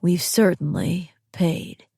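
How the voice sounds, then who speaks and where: A woman's voice: on the low side, sing-song, slow pace, creaky, mellow, husky, dry recording, clean studio sound, voice pushed down, heavily acted. A woman voicing a solemn, guarded male wagon train captain in an audiobook, speaking in a grave, blunt, restrained way. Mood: solemn, wary. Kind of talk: audiobook character reading.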